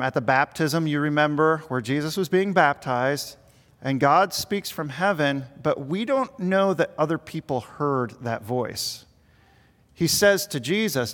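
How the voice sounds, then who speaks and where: A middle-aged man, a pastor, preaching a sermon with earnest emphasis that swells and then drops quiet. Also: on the high side. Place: large church sanctuary. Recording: long reverb of a large hall.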